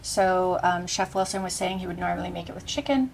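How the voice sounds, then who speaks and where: A woman's voice: lowish voice, fairly quick, vocal fry, a little mellow, a little hiss or hum, rough recording. A woman in her thirties hosting a cooking show, chatting casually and enthusiastically while tasting dishes. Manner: enthusiastic, tasting food on camera.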